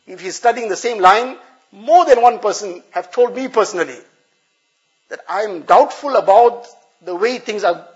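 Man preaching, fairly high voice, earnest, keeps repeating phrases to hammer points, muffled lo-fi sound. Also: expressive, normal speed, soft background music. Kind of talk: sermon.

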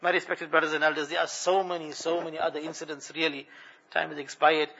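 Brief: male preacher narrating stories to a congregation, lively delivery, high bright tone, dull lo-fi recording. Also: fast, gravelly, slight background noise. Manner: animated narration, shifting volume. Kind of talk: sermon storytelling. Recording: muffled lo-fi recording.

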